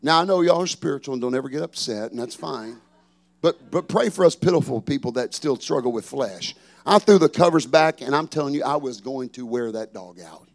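A middle-aged man, a pastor preaching a sermon, swinging from shouted refrains to chatty storytelling. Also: medium pitch, expressive, fairly quick, vocal fry.

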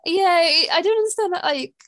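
A woman's voice: extremely high pitch, a little fast, fairly bright tone, no echo, clean studio sound. A woman guest on a podcast, chatting casually about a horror film in an agreeable, chatty way and laughing often.

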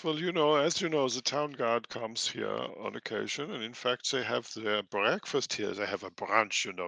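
A man's voice: medium pitch, vocal fry, a bit bright, dry recording, voice pushed up. A man voicing a chatty male innkeeper who rambles and fills his talk with "you know".

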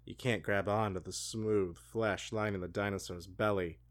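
A man co-hosting a show, reading a gamebook aloud with hushed dramatic delivery and laughing asides. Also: fairly low pitch, fairly even intonation. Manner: hushed and slow when reading, then swearing and laughing in asides. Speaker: podcast co-host reading a book aloud. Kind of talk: dramatic read-aloud with banter.

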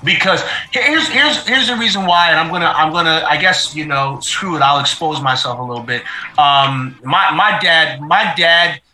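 A man chatting casually on a podcast, emphatic and quick to laugh, repeating himself as he talks. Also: on the high side, sharp tone, reverberant, soft background music, poor audio. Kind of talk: casual chat.

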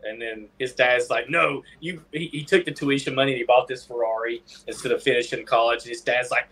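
A man's voice: medium pitch, a bit bright, husky. Joking man telling a story. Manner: joking storyteller, quick to laugh. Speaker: podcast co-host. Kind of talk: casual movie chat with jokey anecdotes.

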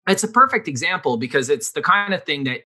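A man co-hosting a casual talk, explaining things in an animated, loose way with many fillers. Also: on the high side, fast talker. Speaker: podcast co-host. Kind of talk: casual conversation.

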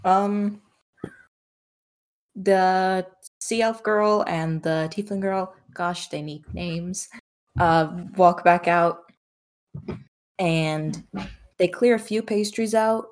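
A woman narrating as game master of a tabletop role-playing game, relaxed and loose with fillers. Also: lowish voice, very slow, long pauses.

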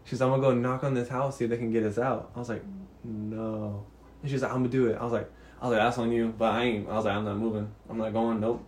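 A young man telling a story in casual chat, animated and profane, laughing often. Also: mid-range voice, rapid-fire, slight background noise.

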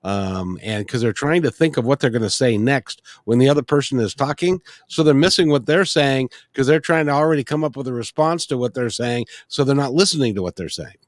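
A man's voice: medium pitch, brisk, hardly any pauses, no echo, clean studio sound. A man hosting, asking curious questions and laughing easily in casual talk. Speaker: host. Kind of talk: casual interview.

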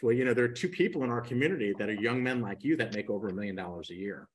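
A man's voice: on the low side, racing, slightly rough, rough recording. An older man, a guest real estate coach, telling his story in a podcast interview and acting out the people he quotes. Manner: animated storyteller who acts out quoted speakers.

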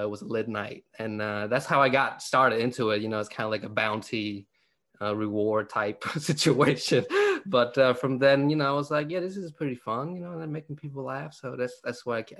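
A man's voice: mid-range voice, a bit bright. A young man from Vietnam with a Vietnamese accent, a stand-up comedian chatting as a guest, joking and laughing often between fillers. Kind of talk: casual interview chat.

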